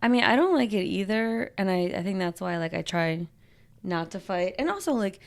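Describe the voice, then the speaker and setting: A woman's voice: medium pitch, animated, moderate pace. A woman co-hosting a casual podcast chat, candid and self-mocking, swearing now and then. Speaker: podcast co-host.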